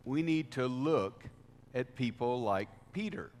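Slow-preaching man in a reverberant hall. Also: mid-range voice, animated, a little mellow, a little hiss or hum. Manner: deliberate preaching with swells of emphasis. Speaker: pastor. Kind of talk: sermon.

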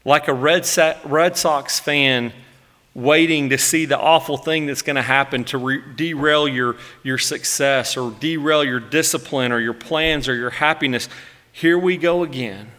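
A man's voice: mid-range voice, steady tone, unhurried, pushed and bright, long reverb tail. A man in his thirties preaching a sermon in an earnest, emotive way, acting out anguished laments. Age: 30s. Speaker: pastor.

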